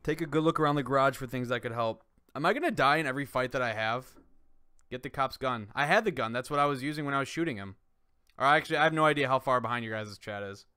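A young man streaming a horror game, excitably swearing and yelling at what happens on screen. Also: medium pitch, fast talker, smooth. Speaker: gaming streamer. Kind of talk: horror game let's play. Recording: loud game music behind voice.

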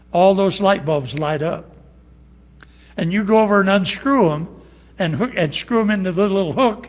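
Homespun preacher, fairly high male voice, earnest folksy sermon in a big echoing church. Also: a bit bright. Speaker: pastor. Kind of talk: evening worship sermon and closing prayer. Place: church sanctuary. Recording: long reverb of a large hall.

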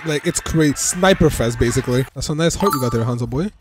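A young man giving excitable, trash-talking commentary while playing a shooter game, repeating himself as he plays. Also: mid-range voice, fast talker, noisy background. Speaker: gaming streamer. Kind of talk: live gameplay commentary.

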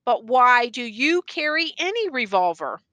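A woman reading the part of a grave male judge who questions the accused in a stern, measured way. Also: a little high, very animated, bright, forceful tone, no echo, exaggerated voice.

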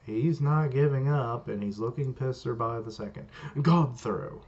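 A man's voice: mid-range voice, moderate pace, a little mellow. A man reacting live to a manga chapter as he reads, with casual, wry commentary. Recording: muffled lo-fi recording.

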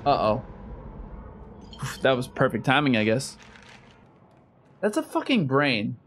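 A man's voice: medium pitch, big pitch swings, unhurried, fairly bright tone, soft background music. A young man commenting live on a horror game he is playing, swearing often and reacting in sudden outbursts. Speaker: streamer.

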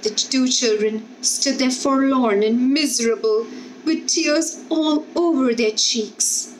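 A woman's voice: sits high, slow, slight background noise, poor audio. A woman reading a story aloud for children, carefully and expressively. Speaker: story reader.

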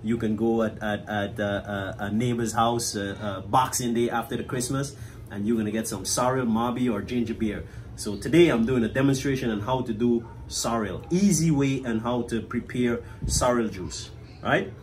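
A man's voice: mid-range voice, moderate pace, a little hiss or hum. A man with a Guyanese accent, chatting casually through a cooking demonstration as a cafe owner and often tagging his sentences with "right?".

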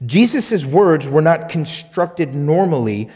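A man's voice: fairly high pitch, very animated, takes it slowly, warm tone, in a large hall. A man preaching a sermon as pastor, emphatic and repetitive, with rhetorical questions and sudden bursts of force. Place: church sanctuary.

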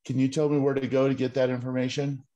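Polite mellow man asking on a call. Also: medium pitch, little pitch movement, quick pace, highs cut off. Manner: polite and brief. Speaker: caller. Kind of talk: call-in question.

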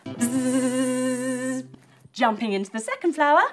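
Playful woman teaching kids yoga, high lively voice, takes it slow. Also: soft background music. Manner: animated, playful, encouraging. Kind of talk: storytelling yoga lesson for children.

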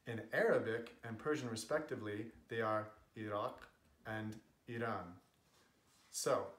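A man's voice: medium pitch, a bit bright, roomy sound. A man teaching pronunciation in a casual explainer video, opinionated and stressing his example words.

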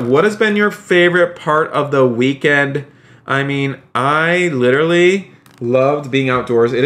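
Effusive, upbeat male game streamer. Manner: effusive, thanking chat members by name; chatty, upbeat, excitable with sudden high exclamations. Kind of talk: live game-stream commentary.

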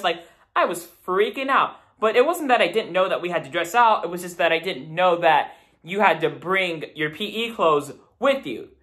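A young man chatting to camera in a casual vlog, animated and self-deprecating. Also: high-pitched, normal speed. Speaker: YouTuber.

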